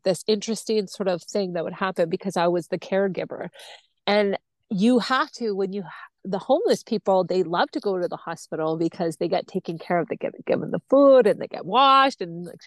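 A woman, a podcast guest, telling a personal story in an animated, blunt way, acting out other people's voices and swearing freely. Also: medium pitch, no echo.

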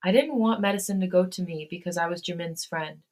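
Quiet hoarse young man, sick and tired, read by a woman; lower register. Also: fairly quick, lightly acted. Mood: weary. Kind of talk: fan fiction read aloud.

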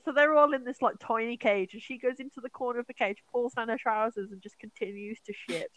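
A woman's voice: fairly high pitch, fast, poor audio. A woman co-hosting a podcast, chatting casually as she recaps a horror film, swearing often and acting out the characters' lines. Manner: animated, profane, acts out the characters' lines. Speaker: podcast co-host.

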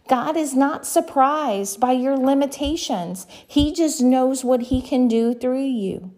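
A woman's voice: fairly high pitch, dark tone. A woman preaching a sermon, earnestly exhorting her listeners with direct questions.

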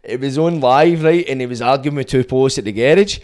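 Scottish rapper guy chatting on a podcast, loose and sweary, mid pitch. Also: fairly quick, a little mellow. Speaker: rapper guest. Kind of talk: casual chat.

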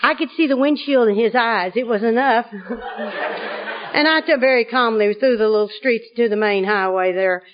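A high-pitched woman tells a humorous personal story to a live audience. She has a lively, comic delivery and often laughs as she talks. The sound is dull and lo-fi, like an old conference tape. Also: moderate pace, slight background noise. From Arkansas. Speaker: speaker at a recovery conference.

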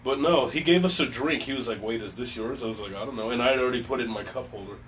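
A man hosting a laid-back podcast and rambling through a story at a quick clip. He mutters his quoted lines low and quiet. The mic sits a little away from him, with faint noise in the room. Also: far from the mic. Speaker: podcast host. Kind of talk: casual podcast chat.

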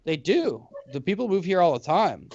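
Swearing, animated podcast guy. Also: high voice, normal speed, no room sound, highs cut off. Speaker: podcast co-host. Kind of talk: casual chat. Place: lives in Alabama.

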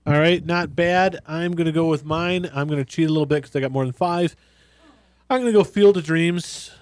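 A man's voice: on the high side, brisk, dry recording. A middle-aged man hosting a casual group chat, teasing and playful. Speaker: podcast host.

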